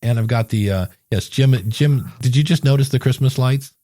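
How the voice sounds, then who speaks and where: A man's voice: medium pitch, moderate pace, dark tone, no echo. Chatty male podcast coach, dry mic. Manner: rambling storyteller, acts out quoted voices. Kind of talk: casual podcast chat with sponsor reads.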